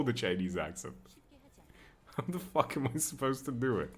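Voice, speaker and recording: A man's voice: medium pitch, sing-song, slow, breathy edge. A young man joking crudely and rambling while he plays a game and answers chat. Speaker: streamer. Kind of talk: casual gameplay commentary with chat.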